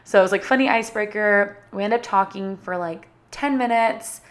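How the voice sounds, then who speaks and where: Young adult woman vlogger, chatty and bubbly, mid pitch, casual storytime delivery. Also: moderate pace. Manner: chatty, bubbly, filler-heavy with frequent "like".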